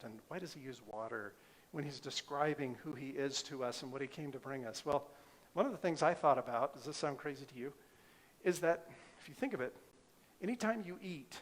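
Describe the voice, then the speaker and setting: A man's voice: medium pitch, a little hiss or hum. A middle-aged male pastor preaching a sermon, emphatic, asking the congregation rhetorical questions.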